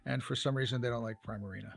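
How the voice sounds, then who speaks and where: A man co-hosting a casual game news chat, talking in a halting way with many fillers and restarts. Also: medium pitch, steady tone, creaky. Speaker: co-host.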